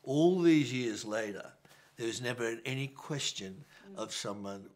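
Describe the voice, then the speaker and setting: An older Australian film director answering interview questions in a reflective, halting way, restarting and repeating words often. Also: male voice, mid-range voice, animated.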